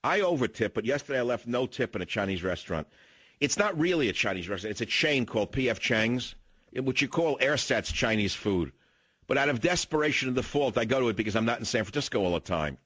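An older male talk radio host in full rant, spinning grievances into long indignant stories. His voice sits at an ordinary middle pitch, recorded close and dry with no room sound. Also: lively intonation, fast, a bit bright, breathy edge, dry recording. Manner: ranting, indignant storytelling.

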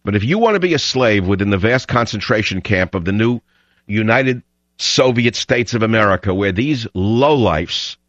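An older man hosting a political talk radio show, ranting combatively and rising to shouts. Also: lowish voice, lively intonation, moderate pace, no echo. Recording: dull lo-fi broadcast sound.

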